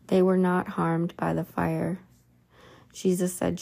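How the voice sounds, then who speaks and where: A woman reads a religious book aloud in a slow, halting way, stumbling and restarting now and then. Her voice is low and flat, with a gravelly, mellow tone. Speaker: reader.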